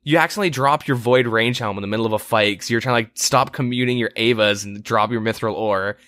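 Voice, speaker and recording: A man's voice: medium pitch, quick pace, fairly bright tone, no echo. A man co-hosting a casual gaming podcast, telling a long rambling story with lots of swearing and exasperated asides. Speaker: podcast co-host.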